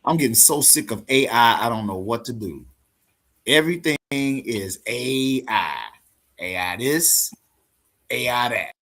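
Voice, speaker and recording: A man's voice: medium pitch, lively intonation, a little slow, a bit bright. Joking, teasing male teacher. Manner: jokey, scolding in fun, then rambling. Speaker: teacher of a congregation. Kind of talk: teasing live online teaching. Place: live online meeting with a congregation.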